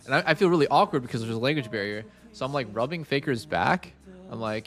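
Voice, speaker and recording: A man's voice: mid-range voice, expressive, fast talker, faint music behind. A man streaming a casual chat to his viewers, rambling and swearing with lots of "like". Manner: rambling and profane, heavy use of "like". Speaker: game streamer.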